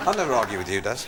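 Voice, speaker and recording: A northern English man, a comedian guest chatting on a TV talk show with many quick restarts, in a studio with audience noise. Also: mid-range voice. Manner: quick, restless, full of restarts and voices. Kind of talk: chat show interview.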